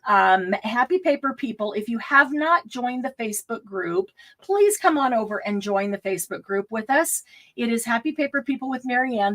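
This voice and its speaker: A middle-aged woman hosts a casual live craft stream, chatting with a guest and viewers. She talks in an easy, rambling way, laughs a lot and now and then loses her thread. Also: a little high.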